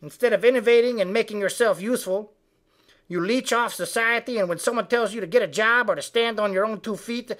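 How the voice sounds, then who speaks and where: A man voicing a foul-mouthed, indignant male frog who delivers a comic political rant with profane, shouted tirades. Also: high voice, fairly quick. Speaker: web comedy ranter.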